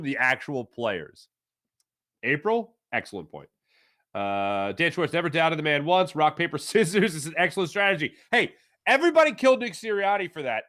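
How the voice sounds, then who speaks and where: A man's voice: fairly high pitch, fairly bright tone. Playful opinionated man chatting. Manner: playful, opinionated rants with frequent fillers. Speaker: sports talk show host reading viewer comments. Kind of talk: casual live-stream chat.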